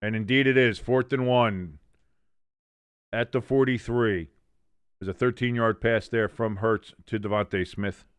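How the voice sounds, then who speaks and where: Speaking at a measured pace in a steady, clean tone, a man with a lowish voice hosts a live watch-along stream with no room sound. Between calling plays, he reads out chat comments, fixes his own slips, and makes jokes.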